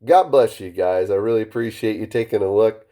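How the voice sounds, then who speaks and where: A man coaching on phone sales skills in casual talk to camera, varying his pitch and speed on purpose and often restarting his sentences. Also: a little fast, mellow.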